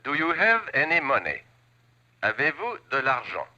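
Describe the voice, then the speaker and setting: A precise French lesson record. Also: male voice, mid-range voice, wildly swooping pitch, sharp tone, heavily acted. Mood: instructive. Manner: slow, precise drilling tone. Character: man reading lessons on a French language record. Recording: muffled language record with hum.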